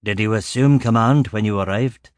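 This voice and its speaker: A man's voice: lowish voice, moderate pace, a little mellow, no echo, close to an everyday voice. A man doing a stern chief inspector. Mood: grave.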